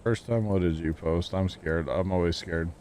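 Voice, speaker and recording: A man chatting casually while livestreaming a video game, rambling and joking as he thinks out loud. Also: low voice, normal speed, slight background noise. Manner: rambling, jokey, thinking aloud. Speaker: game streamer. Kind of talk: casual gameplay livestream chat.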